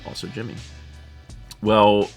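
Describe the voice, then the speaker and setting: A man's voice: lowish voice, level tone, slow, creaky, faint music behind. A man co-hosting a live stream, chatting casually and reading out viewer messages with a laid-back manner and frequent chuckles.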